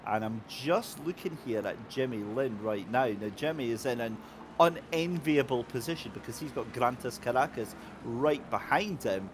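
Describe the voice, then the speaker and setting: A man commentating a sim race, excitable and jokey as he banters with his co-host. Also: medium pitch, moderate pace, background noise.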